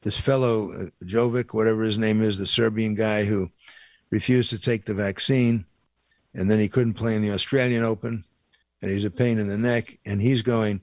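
A man's voice: fairly low pitch, fairly even intonation, moderate pace, dry recording. An older man giving a blunt, indignant opinion monologue, rambling with fillers and asides. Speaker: commentator.

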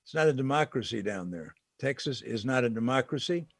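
A man talking politics in a conversational way, indignant and emphatic. His voice sits at an ordinary middle pitch. The sound is dry and close, with no room echo. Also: animated, brisk. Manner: indignant and emphatic, with sarcastic asides. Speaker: political commentator.

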